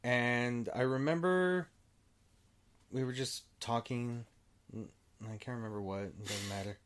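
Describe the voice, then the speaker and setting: A man's voice: mid-range voice, a little slow, a bit bright, slight background noise. A man telling a personal story in casual chat. He rambles, restarts often and swears freely as he acts out what people said. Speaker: storyteller guest.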